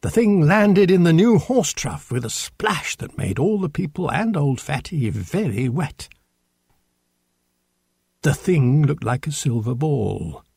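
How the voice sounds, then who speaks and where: Male storyteller, slow, husky and gravelly, very lively pitch, dry close sound. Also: no room sound. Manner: slow, expressive read-aloud with lively pitch. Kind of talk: storybook reading aloud.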